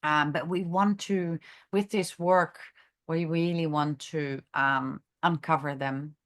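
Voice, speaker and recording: A woman who is a chiropractor, leading a masterclass discussion in an unscripted, halting way, thinking aloud with many fillers and restarts. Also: deep voice, steady tone. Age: adult, has a grown daughter. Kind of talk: unscripted teaching talk.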